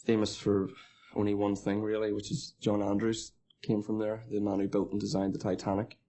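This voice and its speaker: A man with a softened Northern Irish accent and a gravelly, low voice. He speaks in a flat, even tone with a dark, mellow sound. His delivery is relaxed and unhurried, with frequent uhs. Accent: Northern Irish, softened by years in England. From near Belfast, Northern Ireland. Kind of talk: unscripted monologue for a language lesson.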